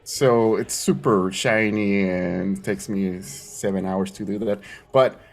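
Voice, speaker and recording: A man playing a tabletop game, describing his character's actions, excitable and given to swearing. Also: fairly low pitch, slow, gravelly, faint music behind. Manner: excitable, swearing, gets emotional. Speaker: player.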